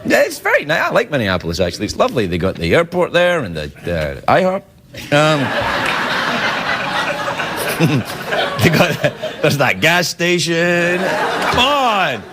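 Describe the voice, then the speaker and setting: A man's voice: a little high, gravelly. A man hosting a late-night talk show, rambling through a comic monologue and viewer emails with self-mocking jokes, recorded in a TV studio. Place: TV studio with live audience. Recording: loud studio audience laughter and noise.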